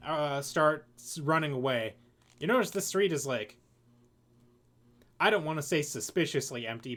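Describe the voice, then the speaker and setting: A man's voice: on the high side, fairly bright tone. Laid-back male game master, rambly, filler-heavy narration. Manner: loose, rambling, lots of fillers.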